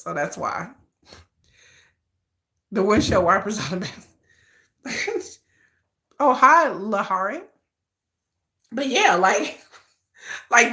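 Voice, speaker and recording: Woman livestream host, very lively bright voice, echoey room. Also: on the high side. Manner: animated, laughing, gushing, acts out quotes. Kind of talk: casual livestream chat.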